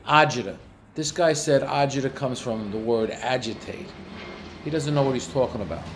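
A man's voice: mid-range voice, normal speed, background noise. A man with a heavy North Jersey accent telling blunt, matter-of-fact stories in a casual monologue, recorded near a street. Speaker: vlogger.

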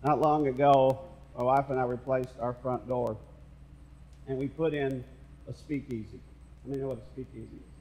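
A man's voice: a little high, darkish tone, big-room sound, a little hiss or hum, rough recording. A male pastor preaching a sermon, with playful asides to the congregation. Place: church sanctuary.

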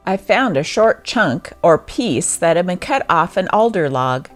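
A woman narrates an old first-person newspaper account in a lower voice that rises and falls with lively swings. She reads it through at a steady pace as scripted narration. Faint music plays underneath. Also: measured pace. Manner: steady read-aloud of a first-person war memoir.

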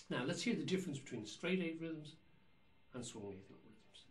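A man's voice: medium pitch, animated, fairly quick, heavy background noise. Man counting and scatting jazz rhythms. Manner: counts beats and scats rhythms aloud. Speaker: drum teacher. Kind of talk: instructional explanation.

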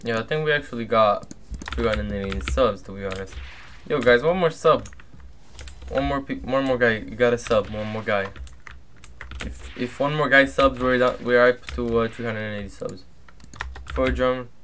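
A young man giving casual, low-key commentary while livestreaming a game, now and then flaring up at opponents. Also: normal speed, slight background noise. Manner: laid-back and low-key, flares up loud and angry at opponents. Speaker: streamer.

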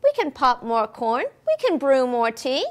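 Woman doing a squeaky fretful little mouse. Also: big pitch swings, unhurried. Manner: fussing, fretful.

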